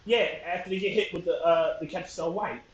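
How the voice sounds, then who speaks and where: A man's voice: high voice, brisk. Joking man in a roomy room. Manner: joking, stammering restarts. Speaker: podcast host. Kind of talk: casual banter while gaming. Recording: roomy, muffled sound with faint noise.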